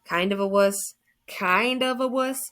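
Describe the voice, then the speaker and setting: A biting, wisecracking teenage boy ghost, as a woman reader puts him on in an audiobook. He teases in a low, gravelly voice. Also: expressive, fast, fairly bright tone, exaggerated voice. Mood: mocking. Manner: teasing, wisecracking. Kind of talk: audiobook character voice.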